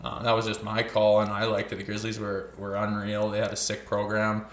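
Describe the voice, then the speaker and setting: A former hockey player from Olds, Alberta, Canada, appears as a podcast guest, telling stories in loose, profane casual chat and swearing constantly. His voice is on the low side and monotone, a little fast, in a reverberant space.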